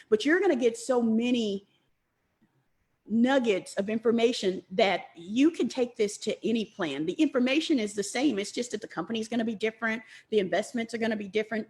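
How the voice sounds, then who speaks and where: A woman, hosting a live money-teaching stream in a warm, chatty way. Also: mid-range voice. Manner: warm, chatty, emotional, tearing up with laughter. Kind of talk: live social media teaching session. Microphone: phone or webcam in a live stream.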